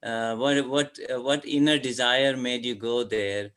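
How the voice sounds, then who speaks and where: A man poses questions slowly, in a smooth and resonant voice. He hesitates often, with a string of fillers between his words. He is heard over a video call. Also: mid-range voice, fairly even intonation, a bit bright. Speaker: participant asking questions. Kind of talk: casual questions.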